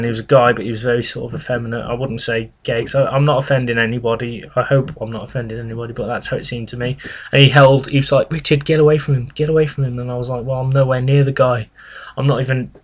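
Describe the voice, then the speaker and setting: A young man, telling his own experiences in a vlog in an earnest, halting way, full of "you know" and "sort of". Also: mid-range voice. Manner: earnest and reflective. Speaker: vlogger. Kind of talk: personal confessional vlog.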